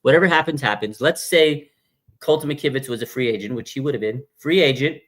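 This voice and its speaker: A man in his thirties hosting a live fan stream, chatting casually in animated, slangy, rambling banter. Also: mid-range voice, fairly quick. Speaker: fan show livestream host.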